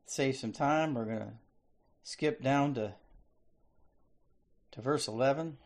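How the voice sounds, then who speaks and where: A male preacher delivers a sermon, reading scripture aloud and then explaining it. He speaks slowly and deliberately, in a mid-range voice. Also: mid-range voice, darkish tone.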